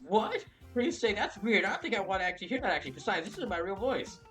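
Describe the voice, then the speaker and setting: Man voicing a brash, foul-mouthed woman caller, pitched up and animated. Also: distant mic, soft background music. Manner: brash, indignant, quick to cuss. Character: odd, pushy young woman caller, rude.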